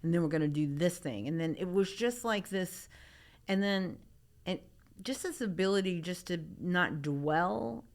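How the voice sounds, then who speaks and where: A middle-aged woman artist from Memphis, talking casually in an interview, rambling with many restarts. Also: fairly low pitch. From Memphis, Tennessee. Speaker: artist guest.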